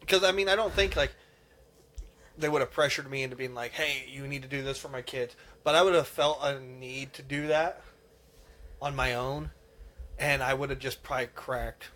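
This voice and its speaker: A man's voice: mid-range voice, fairly even intonation, moderate pace, bright, forceful tone. A man co-hosting a podcast, rambling through a personal story in casual chat and laughing easily at himself. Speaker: podcast co-host.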